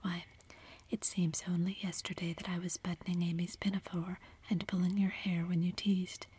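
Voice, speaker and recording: A gentle young woman speaks kindly and wistfully in a whispered role-play, as a woman reads her. The whisper is airy and low, with a flat, even line. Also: normal speed, slightly rough.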